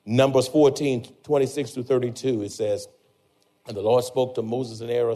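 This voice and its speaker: A man's voice: medium pitch, lively intonation, moderate pace, mellow. A man, an older pastor preaching a sermon with repeated, rising emphasis. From Louisiana.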